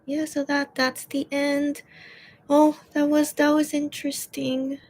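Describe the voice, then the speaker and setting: A woman's voice: high voice, level tone, measured pace, darkish tone, a little hiss or hum. A young woman fan chatting casually on her own live stream, rambling and hesitant as she retells and translates what was said. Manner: rambling, hesitant, repeats words often. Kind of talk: casual livestream chat.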